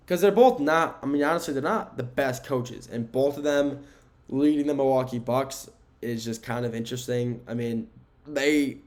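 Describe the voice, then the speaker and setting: A man hosting a solo sports podcast, talking casually in a rambling way with fillers and self-corrections, indoors in a room. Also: medium pitch. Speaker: podcast host. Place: indoor room with window blinds.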